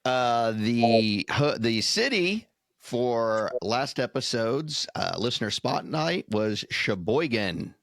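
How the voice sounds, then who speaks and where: A man's voice: mid-range voice, very animated, slow, fairly bright tone, no echo, clean studio sound. Easygoing man in casual podcast chat. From United States. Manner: easygoing, joking, with many uhs. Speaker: podcast co-host.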